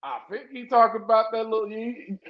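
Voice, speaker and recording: A man's voice: sits high, steady tone, fairly quick, dull audio. A man co-hosting a casual podcast, joking and doing mocking impressions while laughing often. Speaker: podcast co-host. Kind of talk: casual chat.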